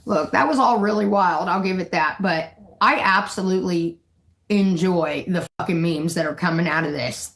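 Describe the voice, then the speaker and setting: A woman's voice: on the low side, moderate pace, a bit bright, poor audio. A woman hosting a casual live stream, telling rambling, profane stories and laughing often.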